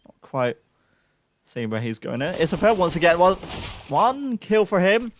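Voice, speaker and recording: Excitable young male esports caster. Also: sits high, moderate pace, a little hiss or hum. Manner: excitable, self-mocking asides to chat. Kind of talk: live play-by-play commentary.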